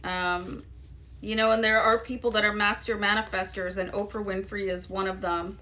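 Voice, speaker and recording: A woman's voice: mid-range voice, level tone, moderate pace, sharp tone. Woman, mid-range voice, easygoing tarot reader talking straight to viewers, loose and chatty. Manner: chatty, loose, lots of "you know" and "um". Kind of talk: casual tarot reading to viewers.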